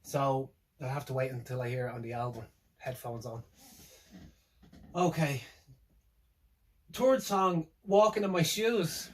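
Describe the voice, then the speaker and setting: A man's voice: mid-range voice, a little slow, pauses often, poor audio. A man talking casually on his own, reacting to a concert setlist, hesitant and rambling, with lots of fillers and restarts. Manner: wry, laughs to himself. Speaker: music fan reviewing a tour setlist. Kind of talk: casual solo reaction vlog.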